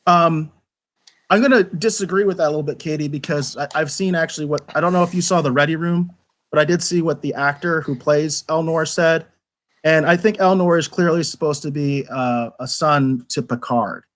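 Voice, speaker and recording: A man with a slightly high voice, co-hosting a live review show. He talks in an animated, rambling way, stumbling over restarts as he goes. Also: normal speed. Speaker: podcast co-host. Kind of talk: casual review chat.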